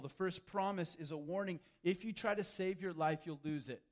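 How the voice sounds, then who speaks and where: High-voiced male pastor preaching animatedly. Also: moderate pace, hardly any pauses. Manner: animated, acts out quoted voices. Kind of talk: sermon.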